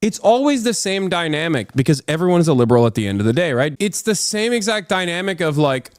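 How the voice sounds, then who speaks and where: A man reacting on a live stream with heated, profane political commentary in rapid bursts. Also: on the high side, sing-song, no room sound, studio quality.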